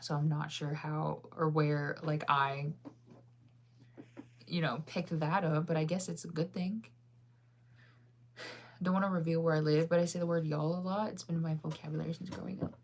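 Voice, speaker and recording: Young woman, slightly low voice, rambling vlog chat, words fully enunciated. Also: level tone, moderate pace, long pauses, a little hiss or hum. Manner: rambling, chatty, laughs often. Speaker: vlogger. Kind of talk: casual chat to viewers.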